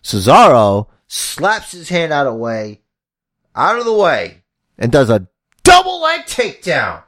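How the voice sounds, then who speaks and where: A man hosting a podcast in casual chat, telling a comic wrestling story in an animated, joking way and swearing casually. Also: fairly high pitch, measured pace, no room sound, studio quality. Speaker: podcast host.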